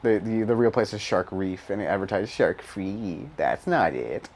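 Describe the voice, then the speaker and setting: Playing a driving game, a young gaming YouTuber gives loose, profane commentary in a lowish, steady, slightly mellow voice at a moderate pace. A little hiss or hum sits under the audio as he pokes fun at himself and laughs at his own jokes.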